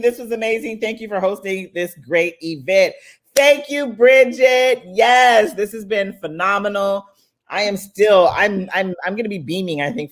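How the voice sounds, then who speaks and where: A lively young woman hosts a live online summit, warm with her listeners and full of encouragement. She chats casually and calls her audience "baby" and "y'all", with a voice of middling pitch. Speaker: summit host. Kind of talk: casual live-stream chat.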